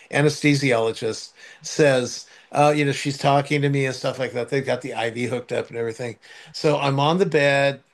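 An older man chatting casually as a co-host, telling a long anecdote with many restarts and fillers. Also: medium pitch. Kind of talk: casual chat.

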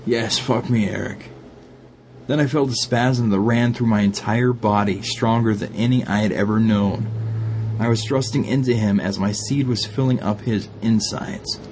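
Low-voiced Glaswegian man reading a story. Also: fairly even intonation, normal speed, a little mellow, slight background noise. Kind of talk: reading an erotic story aloud.

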